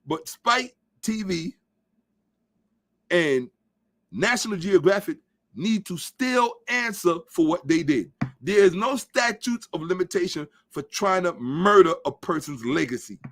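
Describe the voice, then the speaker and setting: A man's voice: high voice, expressive, a little slow, fairly bright tone. A man hosting a podcast, giving a blunt, profane, emphatic commentary monologue and lecturing his listeners. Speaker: podcast host. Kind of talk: ranting social commentary monologue.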